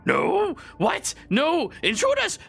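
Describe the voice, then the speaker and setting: A man voicing a panicked boar that screams in shrill, frantic cries for its family. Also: huge pitch swings, slow pace, creaky, a bit bright, soft background music, exaggerated voice.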